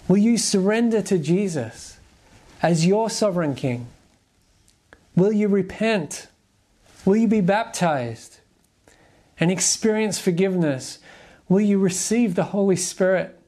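A preacher giving a sermon in an earnest, measured way, reading scripture aloud and putting direct questions to the listeners. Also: mid-range voice, dark tone.

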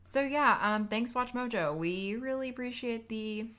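A woman's voice: a little high, unhurried, fairly bright tone, smooth. A young woman co-hosting a podcast, chatty and playfully teasing. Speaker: podcast co-host. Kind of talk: casual podcast chat.

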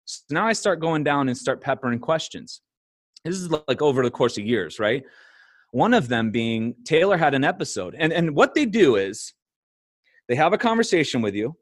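A middle-aged man, a podcast guest, telling stories in a casual conversation, animated and laughing often. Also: mid-range voice, normal speed, no room sound, clean studio sound.

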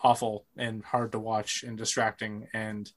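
A man's voice: on the low side, flat delivery, a little slow. A man in casual conversation, rambling and restarting, swearing freely as he talks about movies. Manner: rambling, repeats words, profane.

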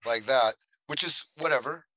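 A man's voice: medium pitch, normal speed, sharp tone, dry recording, rough recording. A man, an actor as interview guest, telling stories in rambling talk with many restarts and acted-out quotes. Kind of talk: casual interview storytelling.

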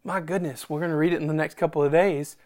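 A preacher delivering a sermon, reading scripture and explaining it, often repeating phrases for emphasis and swinging between loud, emphatic bursts and hushed, near-whispered lines. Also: medium pitch, fairly even intonation, quick pace. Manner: reads scripture aloud with commentary.

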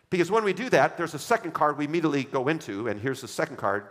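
A man's voice: fairly high pitch, very fast, few pauses, a bit bright. Emphatic male preacher in a reverberant hall. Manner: emphatic preaching with repeated refrains; leads the congregation in reading aloud. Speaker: pastor. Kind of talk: sermon.

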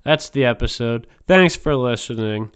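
A man's voice: medium pitch, expressive, normal speed, clean tone. A man hosting a podcast, delivering a rambling, crude and provocative comedic monologue. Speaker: podcast host.

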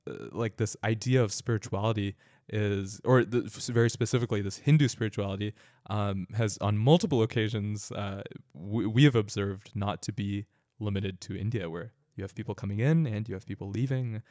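Young Californian man, casual storyteller, lowish voice, dry close mic. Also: a little fast, dry recording. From California, United States. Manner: relaxed, chatty, frequent fillers and laughter.

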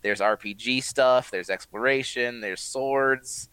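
Bright, smooth-voiced podcast man. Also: medium pitch, no echo, poor audio. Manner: measured, opinionated. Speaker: podcast co-host. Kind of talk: casual chat.

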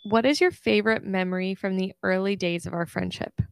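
A woman's voice: medium pitch, steady tone, brisk, vocal fry, clear, resonant tone, no echo. A young woman co-hosting a podcast, talking in a rambling, earnest way with lots of "like". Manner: rambling, earnest, heavy use of "like". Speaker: podcast co-host. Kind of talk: casual chat.

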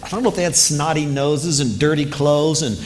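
A man's voice: a little high, moderate pace. A man preaching a sermon to parents, earnest and emphatic, repeating key phrases and telling stories with energy. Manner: lively storyteller, speeds up in anecdotes. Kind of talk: sermon with storytelling.

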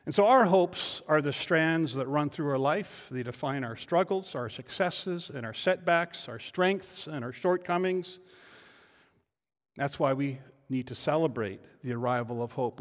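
A man, the lead pastor, preaching a sermon, building from quiet reflection to loud emphatic declarations with rhetorical questions. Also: mid-range voice, big-room sound. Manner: rhetorical questions answered in turn. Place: church sanctuary.

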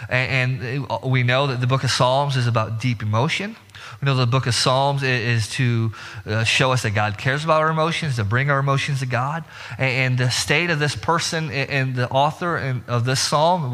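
In a sermon recorded with long hall reverb, a pastor speaks at a moderate pace in a mid-range, fairly bright voice. His delivery is earnest, marked by repeated words and restarted sentences.

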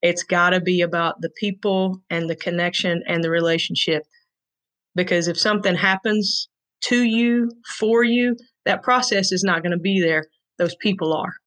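A woman's voice: lowish voice, moderate pace, a bit bright, low-quality recording. A woman, a guest telling an emotional story in an earnest, frank way. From Tennessee, USA. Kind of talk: heartfelt storytelling.

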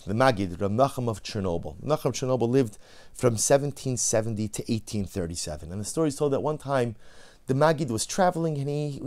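Animated man giving a Torah sermon. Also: mid-range voice. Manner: animated, rising to emphatic peaks, acting out quoted voices. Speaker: rabbi giving a Torah lecture. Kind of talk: sermon with storytelling.

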